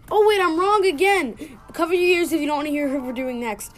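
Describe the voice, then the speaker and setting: A woman hosting a gaming video, giving playful, excitable let's-play commentary with frequent giggles. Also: high-pitched, normal speed, faint music behind. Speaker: gaming channel host.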